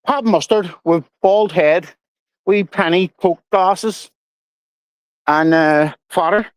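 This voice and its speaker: A man's voice: high voice, takes it slowly, smooth, no echo, rough recording. Sweary man rambling. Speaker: livestream host. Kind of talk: casual livestream chat.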